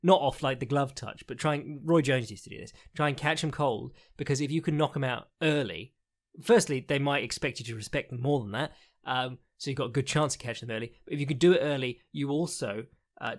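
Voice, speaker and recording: Casual man rambling fight recap. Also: medium pitch. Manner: rambling, frank, swears, frequent fillers and laughs. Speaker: podcast host, fight analyst. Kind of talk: casual solo commentary recap.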